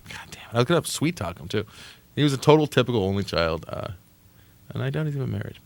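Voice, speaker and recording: A man hosting a late-night radio aftershow from a studio, animated and sarcastic, cursing freely and teasing callers. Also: mid-range voice, quick pace, gravelly. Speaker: radio show host.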